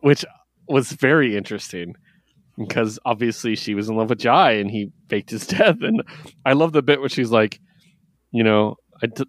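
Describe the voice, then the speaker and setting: A man's voice: medium pitch, moderate pace, dry recording, studio quality. A man co-hosting a casual comic review podcast, laughing often and acting out lines from the books. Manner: animated, acts out quotes, laughs often. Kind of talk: casual chat.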